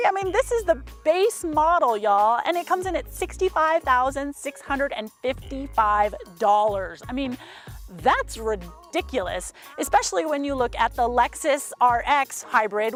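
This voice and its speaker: Lively high-voiced woman reviewing a car. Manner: chatty and frank, with hesitant fillers. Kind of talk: casual car review to camera.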